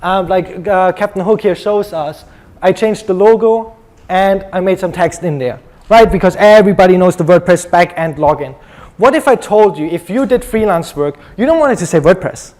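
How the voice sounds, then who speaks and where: A man's voice: high voice, normal speed, darkish tone. A young man from Germany with a German accent, giving a chatty, joking conference talk full of ums. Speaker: conference speaker.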